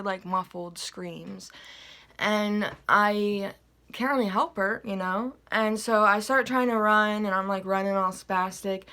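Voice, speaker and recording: A woman's voice: medium pitch, bright, forceful tone. A woman casually telling a dream to her viewers in a rambling way, full of fillers and asides. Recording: phone recording, unedited.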